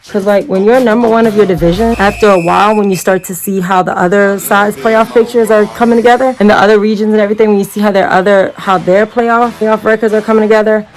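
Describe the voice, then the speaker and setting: A woman's voice: mid-range voice, fairly even intonation, fast, hardly any pauses, faint music behind, low-quality recording. A woman chatting casually and rambling through a makeup tutorial, talking straight to her viewers as y'all. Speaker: makeup vlogger.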